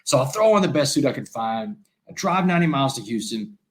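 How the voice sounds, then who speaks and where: A middle-aged man tells stories at a rapid clip as an interview guest. He keeps dropping "man" into his sentences and acts out the dialogue in them. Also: mid-range voice, big pitch swings. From Texas. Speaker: guest, motivational speaker. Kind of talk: animated storytelling in an interview.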